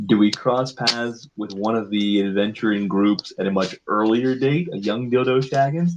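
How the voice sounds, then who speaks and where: Low-pitched man, relaxed player chat, slight background hiss. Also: moderate pace, highs cut off. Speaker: player in a tabletop game podcast. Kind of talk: casual chat.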